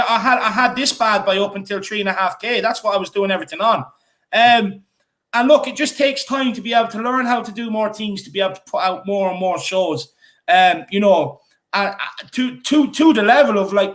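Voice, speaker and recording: Irish guy, highish voice, rambling live-stream chat reading comments out, lots of ums. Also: brisk, a bit bright. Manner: chatty, repeats himself, many fillers. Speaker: fan channel co-host.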